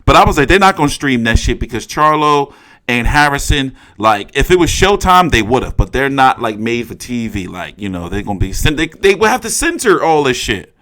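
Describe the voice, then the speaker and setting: A young man reacting to a press conference in casual, profane commentary, often jumping into loud, excited outbursts. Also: medium pitch, brisk. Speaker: boxing commentator.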